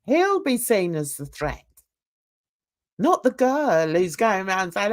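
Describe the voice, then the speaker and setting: Slow, lively woman commentator. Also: fairly high pitch. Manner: emphatic, opinionated, scornful. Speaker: host. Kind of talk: drama commentary chat.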